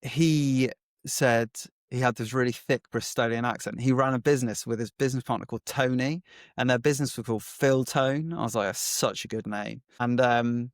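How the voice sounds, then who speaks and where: Animated man telling stories. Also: medium pitch, normal speed, no room sound, studio quality. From England. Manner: animated storyteller who acts out quoted exchanges, frequent "like" fillers. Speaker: guest, agency founder. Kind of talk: casual storytelling interview.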